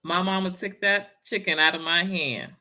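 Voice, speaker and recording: A woman's voice: lowish voice, fairly even intonation, moderate pace, sharp tone. A woman giving a casual motivational talk and telling a personal story, speaking in a down-home way and often addressing her listeners directly.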